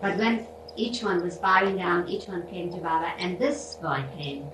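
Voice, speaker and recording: Woman storyteller, warm retelling, picked up from afar in a noisy, echoey room. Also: fairly low pitch, moderate pace, distant mic. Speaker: speaker sharing a story.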